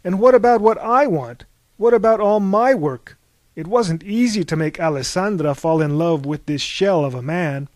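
A man voicing Aphrodite, a haughty, jealous goddess of love, with a shrill, indignant delivery in a dry recording. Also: moderate pace, few pauses, darkish tone, no echo, close to an everyday voice.

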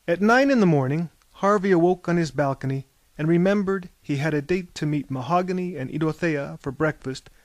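A man reading a story aloud in a measured, lyrical way. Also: fairly high pitch, dry recording. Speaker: narrator.

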